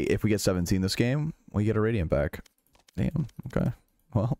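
A man's voice: low-pitched, moderate pace, vocal fry, darkish tone, no room sound, faint music behind. A young man streaming live, casually chatting and answering viewers' chat questions while swearing freely.

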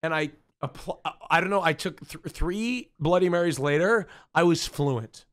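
A man from Oregon telling a playful, animated story in casual podcast chat. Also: fairly high pitch, measured pace, few pauses.

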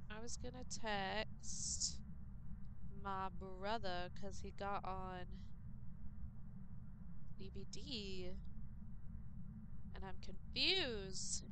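A woman streaming a game live, chatting casually with viewers, reading their messages aloud and humming to herself between bursts of excitement. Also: medium pitch, background noise.

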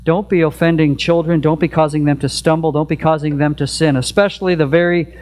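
A man's voice: fairly high pitch, fairly even intonation, fairly quick. A male pastor preaching a sermon in a church, talking to the congregation in a conversational way and asking many rhetorical questions. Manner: repeats a prayer refrain softly. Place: church sanctuary.

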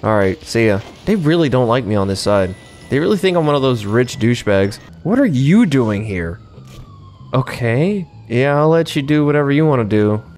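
Young guy playing a game on stream, sarcastic, swears a lot, mid-pitched voice, soft music behind. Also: very animated, moderate pace. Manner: sarcastic, swears freely, chuckles. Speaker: gameplay commentator. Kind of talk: casual gameplay commentary.

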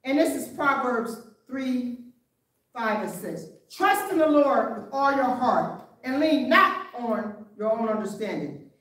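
Animated woman preaching in an echoey hall. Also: fairly high pitch, slow pace, far from the mic. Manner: conversational preaching with rhetorical questions. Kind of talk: sermon. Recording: very echoey room, voice from afar.

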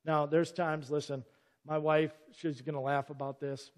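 A middle-aged man delivers an earnest sermon with a slightly higher pitch than most men. He presses his points emphatically and keeps calling his listeners back with "listen." His voice carries with a long reverb through a church sanctuary. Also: flat delivery, normal speed. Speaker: pastor.

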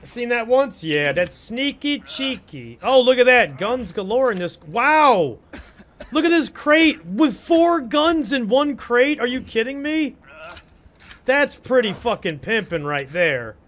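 A man streaming a shooter game, commenting excitedly, swearing freely and thanking donors. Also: very high-pitched, takes it slowly, slight background noise. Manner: excitable, swears a lot, reads out donations. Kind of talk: live gameplay commentary.

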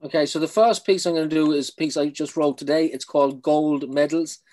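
A man from Ireland, a poet, chatting in an interview, quick and self-deprecating, trailing off softly. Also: on the high side, fairly even intonation. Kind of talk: casual interview chat.

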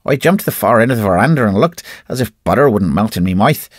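A male audiobook narrator at a middle pitch, spinning a first-person yarn with an animated, rising-and-falling delivery. The recording is close and dry with no room sound, like a studio audiobook. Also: fast, no room sound. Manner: expressive storytelling.

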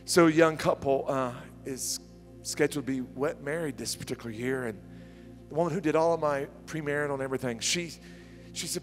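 A middle-aged man preaching a sermon as pastor, telling stories with repeated questions that swing from near-whispers to loud, high climbs. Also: fairly quick, big-room sound, faint music behind. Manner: animated storytelling preacher, repeating questions, sudden soft drops and loud climbs.

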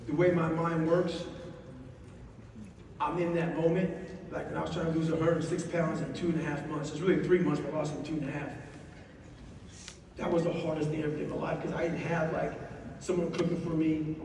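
A man's voice: a little high, level tone, a little fast, a little mellow. Intense, profane man in an echoing hall. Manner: blunt, intense, heavy swearing. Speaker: guest speaker. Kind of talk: profane motivational storytelling. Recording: echoey hall, distant mic, faint noise.

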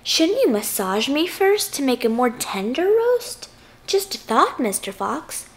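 Woman doing a clever little piglet, very high, bouncy, sly and polite, storybook. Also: sing-song, unhurried, exaggerated voice. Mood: sly coaxing. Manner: coaxing, falsely meek suggestions.

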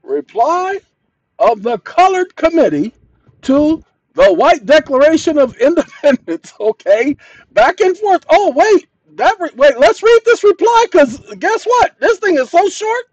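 A man's voice: extremely high pitch, very animated, unhurried, no room sound. A man hosting his channel, reading an old document aloud and commenting on it emphatically, often telling listeners to pay attention. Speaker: channel host.

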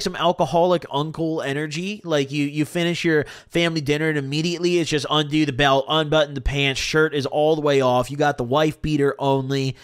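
A man's voice: a little high, fairly bright tone, no room sound, studio quality. Rambling, profane young man telling a story. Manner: rambling, profane, self-correcting. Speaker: storytelling streamer. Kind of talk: casual storytime.

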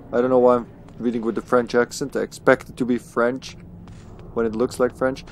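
A man's voice: mid-range voice, flat delivery, fairly quick, a little hiss or hum. A man streaming a video game live, chatting casually to himself with swearing and chuckles. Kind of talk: live gaming commentary.

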